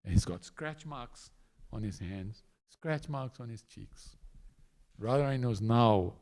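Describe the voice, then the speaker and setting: Animated man telling a sacred story. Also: mid-range voice, unhurried. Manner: animated storyteller, acting out voices. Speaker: preacher. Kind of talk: storytelling sermon. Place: temple hall.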